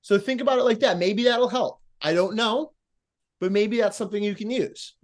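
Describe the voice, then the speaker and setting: Male competition judge, high voice, blunt coaching critique, acts out examples. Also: moderate pace. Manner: blunt, coaching, acts out moves and lines, casual swearing. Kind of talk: live critique of wrestling promos.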